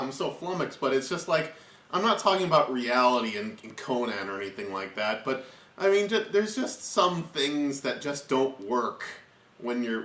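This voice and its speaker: A man co-hosting a casual film review, halting and flustered as he searches for words. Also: medium pitch, fairly bright tone, roomy sound.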